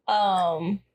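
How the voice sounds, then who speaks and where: A young woman co-hosting a podcast, telling a story in a casual, slangy way and laughing often. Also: mid-range voice. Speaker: podcast co-host. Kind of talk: casual chat.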